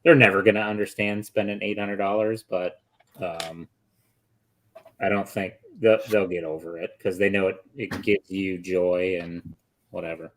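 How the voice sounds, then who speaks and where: A man's voice: low voice, level tone, normal speed, a little hiss or hum, poor audio. A man co-hosting a casual chat, easygoing and reading out viewer comments.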